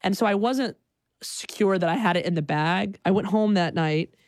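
A young adult woman telling a personal story in an animated way, acting out the people in it. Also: medium pitch, moderate pace, no echo, clean studio sound.

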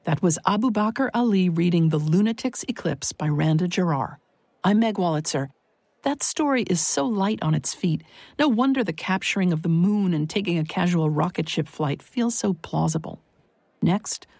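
A woman host introducing the next story in a dark, mellow, fairly low voice. The studio sound is dry and close, and her delivery is appreciative and scripted. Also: dry recording.

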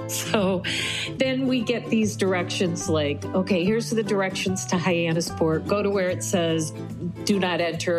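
Animated woman telling a personal story. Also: fairly low pitch, rough recording. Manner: animated, acts out quoted voices. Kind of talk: personal story told to an interviewer.

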